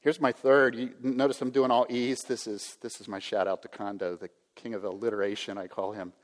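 A man's voice: lowish voice, flat delivery, fairly quick. A man in his sixties preaching a sermon, earnest, now and then acting out a self-important inner voice. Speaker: pastor. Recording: reverberant hall.

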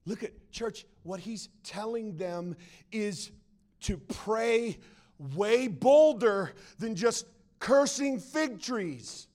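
A male pastor preaching to his congregation in a very high, lively voice. He swings between loud acted-out lines and quiet, low-pitched asides. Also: extremely slow. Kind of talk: sermon.

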